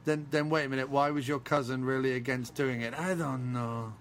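A man's voice: mid-range voice, steady tone, a little fast, slight background noise. A man in casual comedic banter, joking around and slipping into silly character voices. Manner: jokey, slips into put-on character voices.

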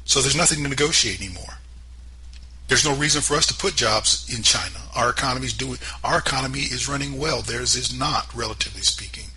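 A man's voice: mid-range voice, brisk, bright, forceful tone, low-quality recording. A man hosting a political commentary show, talking emphatically and firing off sarcastic rhetorical questions. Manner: sarcastic, mocking asides. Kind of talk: opinionated political commentary monologue.

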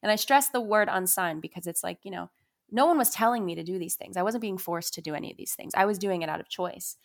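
A woman's voice: medium pitch, quick pace, creaky. A young adult woman, a musician guest in an interview, telling a personal story in a confessional way with lots of "you know" and "like".

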